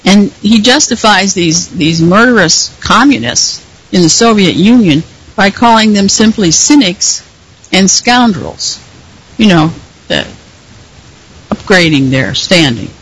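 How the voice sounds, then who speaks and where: Husky-voiced speaker reading a commentary. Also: medium pitch, lively intonation, fairly bright tone, rough recording. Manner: deliberate, pausing, with self-corrections. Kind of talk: read commentary monologue.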